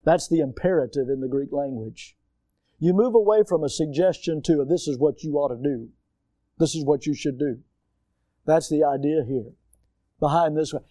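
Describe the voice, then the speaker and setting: Man preaching a sermon, fairly high voice, mellow tone, dry close sound, animated, acts out voices. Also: moderate pace, no echo. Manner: animated preaching, acting out quoted voices, sudden loud outbursts.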